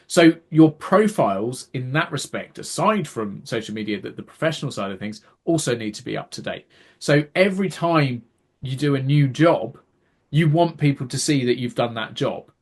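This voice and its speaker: This podcast co-host, an actor with a mid-range voice, chats casually and gives long explanations. Along the way he often restarts words and performs the reactions he quotes.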